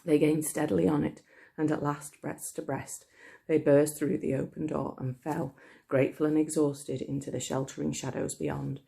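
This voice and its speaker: A hoarse teacher, chatty and apologetic, coughing now and then, reading a classic novel aloud to pupils online. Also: mid-range voice, flat delivery, moderate pace, warm tone. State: hoarse, frog in the throat. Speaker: primary school teacher.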